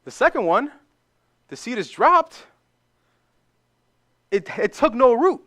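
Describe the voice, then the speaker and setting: Male pastor, high voice, lively sermon delivery, acts out voices and repeats for emphasis. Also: slow pace. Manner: animated preaching, acts out dialogue, repeats phrases for emphasis. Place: church.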